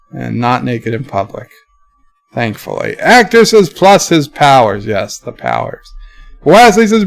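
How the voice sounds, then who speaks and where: A man hosting a casual livestream, reading viewers' chat aloud in a lifted voice and answering it in a low, offhand mutter. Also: creaky.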